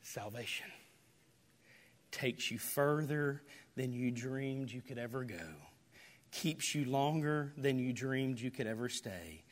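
A male pastor preaching a sermon, rising to loud, impassioned declarations and dropping to near-whispers. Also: mid-range voice, takes it slowly. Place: church sanctuary. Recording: hall reverb.

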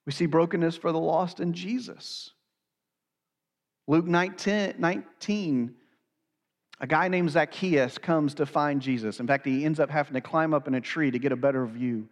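A pastor delivers a sermon in a high, clear voice. He speaks earnestly and slows down to weigh his key phrases. The sound rings with the long reverb of a large hall.

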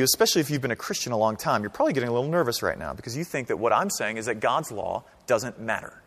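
A pastor preaching a sermon in a conversational, animated way, often checking in with the congregation. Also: male voice, sits high, big-room sound. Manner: conversational, animated preaching with frequent "right?" and "okay?".

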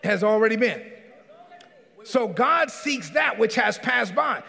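High-pitched, gravelly preaching man. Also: lively intonation, slow pace. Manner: emphatic preaching, often shouting; calls out congregants by name. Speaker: pastor. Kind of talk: sermon. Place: church sanctuary. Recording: reverberant hall.

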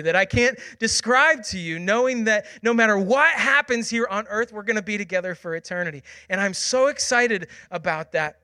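A man in his thirties delivers a sermon in a high, bright voice, moving between hushed, close confiding and loud, excited storytelling. The sound is dry and close to the mic, with no room around it. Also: smooth, no room sound. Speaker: pastor.

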